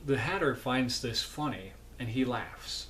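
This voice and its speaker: A man's voice: mid-range voice, measured pace, noisy background. A sleepy man recapping a film from home in a casual, rambling way, correcting himself and making chatty asides. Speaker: vlogger.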